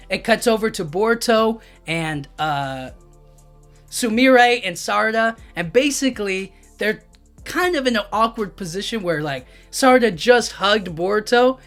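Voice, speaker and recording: An anime and manga reviewer recaps a manga chapter loosely and casually, peppering his speech with "like" and "you know what I mean." His voice is high-pitched and fairly bright, with faint music in the background.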